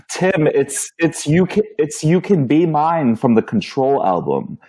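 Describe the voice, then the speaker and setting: Lively low-voiced man, husky. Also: slow. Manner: animated, laughs readily. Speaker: podcast co-host. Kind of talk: casual chat.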